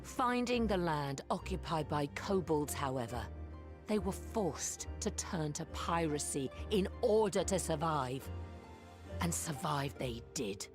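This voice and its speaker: A commanding woman admiral from a video game, measured and formal. She speaks over a clear bed of game music. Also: deep voice, lively intonation. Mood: solemn. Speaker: fleet admiral and head of state. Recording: game audio with music underneath.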